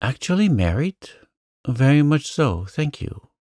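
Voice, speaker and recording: A man's voice: mid-range voice, big pitch swings, measured pace, warm tone, no echo, clean studio sound, pitched above the performer's own voice. A man voicing a mischievous, charming young man in a storybook reading, playful and coaxing.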